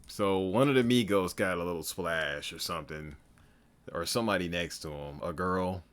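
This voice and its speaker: A man's voice: low voice, normal speed, a bit bright, smooth, faint music behind. A man giving casual, profane reaction commentary on a stream, talking animatedly and laughing often.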